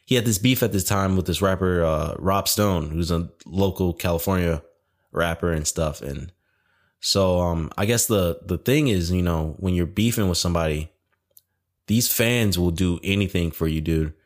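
A man's voice: deep voice, normal speed. A young man hosting a podcast alone, rambling in casual chat, packed with "like" fillers and frequent swearing. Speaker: podcast host.

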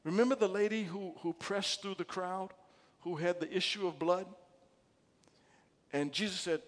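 A man's voice: sits high, fairly even intonation, moderate pace, pauses often. Fervent preacher man in an echoing hall. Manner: fervent, builds from quiet asides to shouted emphasis; stammering restarts and repeated words. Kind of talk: sermon. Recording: long echo of a large hall.

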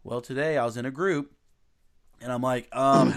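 A man hosting a casual podcast chat, talking emphatically and bluntly with quick restarts. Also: medium pitch, fairly even intonation. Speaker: podcast host.

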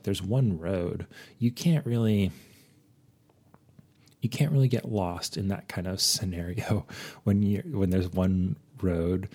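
A man reviewing a movie in a comic, rambling monologue, holding a low, put-on sultry persona voice with many fillers. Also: mellow. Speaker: podcast film reviewer.

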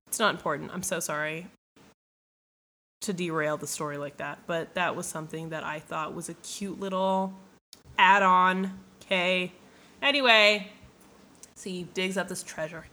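A young woman casually retelling a book in an animated, profane way, full of fillers and asides. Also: on the low side, moderate pace, pauses often, slight background noise. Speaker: book summarizer.

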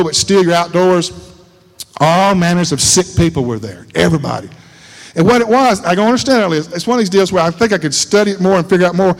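A man preaching a sermon in a folksy, animated way, repeating lines for emphasis. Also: sits high. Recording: reverberant hall.

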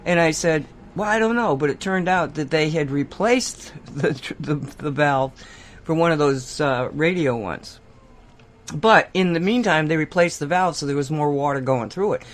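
A woman's voice: sits low, moderate pace, slight background noise. Woman host, casual chat, rambling storyteller who laughs a lot and acts out the people she quotes.

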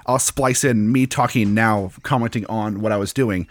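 A man's voice: lowish voice, steady tone, normal speed, no echo. A man co-hosting a podcast in casual chat, laid-back and self-deprecating, laughing often. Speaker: podcast co-host.

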